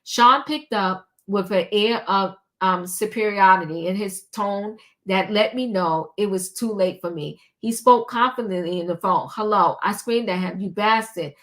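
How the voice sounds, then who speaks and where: A woman's voice: medium pitch, fairly bright tone. An older woman talks through a long text in a casual vlog, reading it aloud and stopping often to say um or start a line over. Her voice sits in the middle range for a woman. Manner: halting, with many ums and restarts. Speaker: commentary vlogger.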